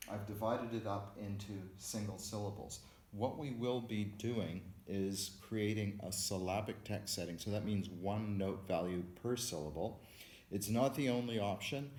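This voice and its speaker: A man teaching music theory in a recorded lecture, explaining in a patient, measured way in front of a board. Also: lowish voice, darkish tone. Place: room with a board. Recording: echoey room, faint background hiss.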